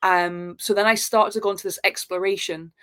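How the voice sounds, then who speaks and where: A woman, a podcast guest, telling personal stories in an earnest, spiritual way with halting restarts and fillers. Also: mid-range voice, fairly even intonation, a bit bright. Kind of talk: reflective personal storytelling.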